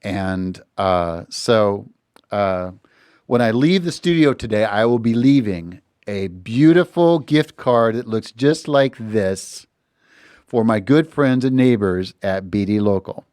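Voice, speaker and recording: A middle-aged man tells a story on his podcast in a loose, conversational way, and his voice sounds smooth and resonant. He keeps the telling lively and acts out the people in his story. The sound is dry and close, recorded in a studio. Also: fairly low pitch, no echo. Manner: animated, slips into voices when quoting others. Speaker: podcast host. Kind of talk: casual storytelling monologue.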